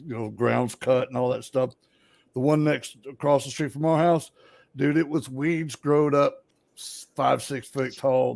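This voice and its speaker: A man's voice: mid-range voice, creaky, darkish tone, dry recording. A middle-aged man from Alabama with a Southern accent, telling ghost stories as a co-host in a folksy, rambling, casual way. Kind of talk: casual storytelling chat.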